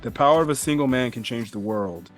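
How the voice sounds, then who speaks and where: A man's voice: mid-range voice, brisk, soft background music. Rambling man recapping a manga chapter. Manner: rambling, filler-heavy, swears casually. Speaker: manga reviewer.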